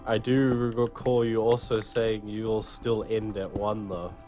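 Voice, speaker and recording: A man's voice: on the low side, level tone, unhurried, mellow, soft background music. A man joining a casual livestream, making dry, teasing remarks.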